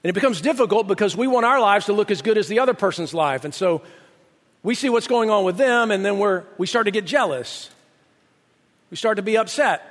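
Casual: really high-voiced guy preaching a sermon, emphatic, long echo from a big hall. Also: expressive, brisk, a bit bright. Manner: emphatic preaching, reads scripture aloud. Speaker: pastor.

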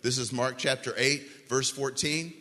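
Animated preacher in a big echoing hall. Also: male voice, mid-range voice, measured pace. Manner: animated storytelling, acts out panicked disciples. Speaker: pastor. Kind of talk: sermon. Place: church sanctuary. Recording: long reverb of a large hall.

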